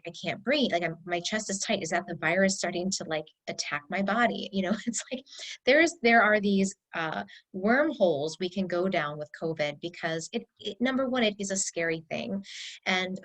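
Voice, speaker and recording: A woman herbalist speaking in a casual talking-head video, telling a personal story in a chatty, halting way with many fillers and restarts. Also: mid-range voice, fairly bright tone, poor audio. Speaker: herbalist teacher.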